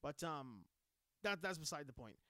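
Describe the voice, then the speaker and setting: A man in casual chat about comics and films, animated and swearing freely, acting out little quotes. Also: a little high, moderate pace, dry recording, clean studio sound.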